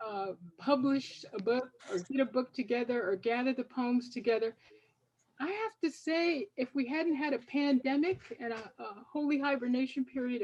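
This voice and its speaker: Slow-spoken older woman poet. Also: a little high, a little mellow, low-quality recording. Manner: reflective and devout. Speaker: poet and author. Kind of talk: reading from her book to an audience.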